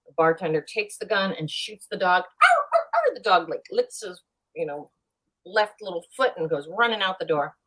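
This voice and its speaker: A woman chatting as a guest on a live show, playful and lively as she tells a long joke. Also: fairly low pitch, normal speed. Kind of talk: casual chat, telling a joke.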